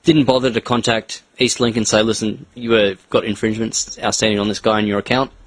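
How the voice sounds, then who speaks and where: Low-voiced co-host. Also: male voice, level tone, a little fast, no echo. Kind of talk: casual chat.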